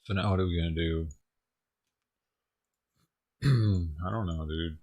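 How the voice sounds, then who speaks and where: A man's voice: low voice, takes it slowly, dull audio. A man ranting on his own livestream, talking casually and profanely, rambling and chuckling as he goes. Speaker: livestream streamer.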